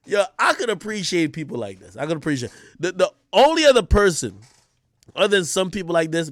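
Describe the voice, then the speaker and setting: Animated, profane man ranting on stream. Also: fairly high pitch, no room sound, clean studio sound. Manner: animated, profane, slangy, repeats himself. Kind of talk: casual livestream rant.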